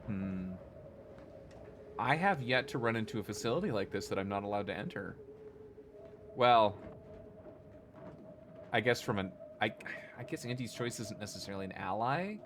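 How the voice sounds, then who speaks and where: Casual male streamer, lowish voice, talks to himself, noisy home recording. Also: lively intonation, moderate pace, long pauses. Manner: thinks aloud, swears when annoyed. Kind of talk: casual gameplay commentary. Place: home desk setup.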